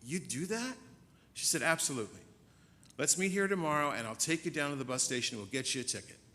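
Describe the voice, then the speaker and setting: A man minister preaching a sermon and telling a story, shifting between soft, slow passages and loud, fast ones. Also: expressive. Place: church sanctuary. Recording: church hall reverb, faint rumble.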